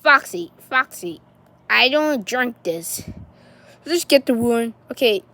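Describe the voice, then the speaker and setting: Woman running a homemade toy skit, high voiced, bright, unhurried, rambling delivery. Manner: excitable, rambling, with many restarts. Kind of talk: plush toy skit, one person doing all voices.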